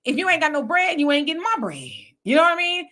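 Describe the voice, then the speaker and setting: A woman hosting a casual live stream, animated as she reads and answers viewer comments. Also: high voice, quick pace. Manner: animated, talks back to the comments.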